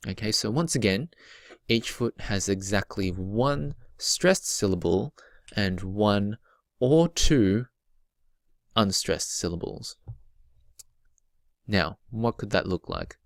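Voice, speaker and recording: A man with a very deep voice gives a patient recorded lesson, going over each point twice and sounding out rhythms. The sound is dry and close, with no room around it. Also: expressive, takes it slowly, pauses often, dry recording. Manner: patient, repeats key points, chants rhythms aloud. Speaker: teacher.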